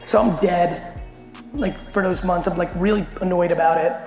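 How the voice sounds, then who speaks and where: A middle-aged man giving a blunt, animated keynote to a company audience and swearing constantly as he tells a story. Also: high-pitched, moderate pace. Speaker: keynote speaker. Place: large hall at a company event. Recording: echoey hall with faint music.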